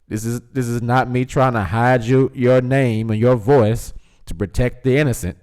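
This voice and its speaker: A man's voice: medium pitch, steady tone, normal speed, darkish tone, clear, resonant tone. A man hosting a casual livestream, reading chat comments aloud, teasing viewers and laughing often.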